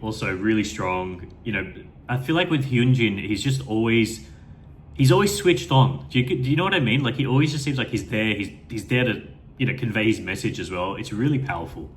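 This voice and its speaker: A man's voice: on the low side, a little hiss or hum. A man giving an unscripted first-time reaction to a music video, rambling with enthusiasm and plenty of fillers and restarts.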